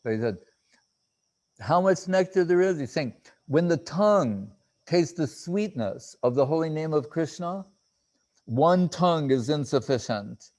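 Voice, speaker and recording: A man's voice: on the high side, lively intonation, a little mellow. A man speaks as a spiritual teacher in a devotional talk. He halts often, fills gaps with hesitations and restarts, and stumbles through recited Sanskrit verses. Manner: halting, with many fillers and restarts.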